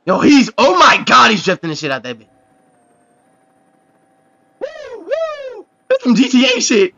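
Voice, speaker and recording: A man hosting a reaction video, with excitable, exclamatory commentary full of profane slang. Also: very high voice, fast talker, vocal fry, dull audio.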